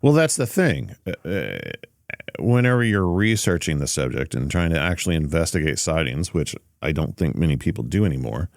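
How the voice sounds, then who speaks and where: A man's voice: sits low, no room sound, clean studio sound. A man hosting a casual podcast, easygoing and thinking aloud with frequent fillers and restarts. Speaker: podcast host.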